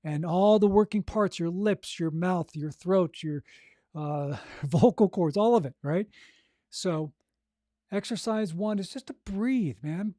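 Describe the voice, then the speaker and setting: A man coaching authors on narrating their audiobooks, talking casually and demonstrating breathing and voice warm-ups. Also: high voice, takes it slowly, dry recording, studio quality. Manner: encouraging, conversational, frequent "okay?" and "right?". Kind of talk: coaching monologue.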